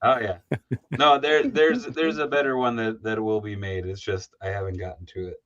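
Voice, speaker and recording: A man hosting a live stream, chatting casually and animatedly with guests and shouting out viewers. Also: fairly low pitch, steady tone, moderate pace, a little hiss or hum. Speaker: stream host. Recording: slightly dull lo-fi stream audio.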